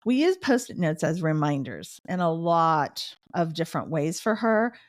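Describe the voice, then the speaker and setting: A woman's voice: sits low, very animated, normal speed, no echo, clean studio sound. A middle-aged woman hosting a podcast, giving advice and telling personal stories earnestly. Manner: earnest storytelling, with the odd laugh. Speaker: podcast host.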